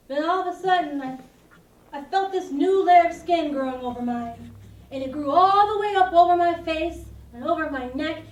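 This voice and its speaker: A woman playing a lonely, awkward seventh-grade girl who rambles and giggles self-consciously while confiding to her camcorder. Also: high-pitched. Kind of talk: confessional monologue to a camcorder. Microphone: camcorder mic. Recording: roomy sound from a distance.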